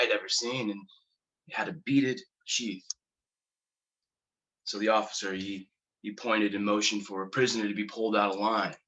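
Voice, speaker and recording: An actor playing a haunted male war veteran, telling his story slowly and haltingly, stumbling over repeated words. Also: on the low side, bright, forceful tone, poor audio. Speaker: actor performing a monologue. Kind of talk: dramatic monologue.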